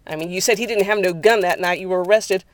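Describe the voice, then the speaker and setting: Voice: medium pitch, fast, natural voice. Give me a narrator playing a wary, jittery male henchman in a read-aloud story. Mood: uneasy.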